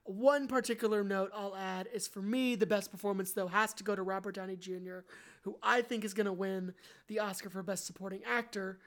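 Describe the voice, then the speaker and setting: A woman's voice: medium pitch, steady tone, brisk. Woman, podcast co-host, casual film chat, candid, self-correcting.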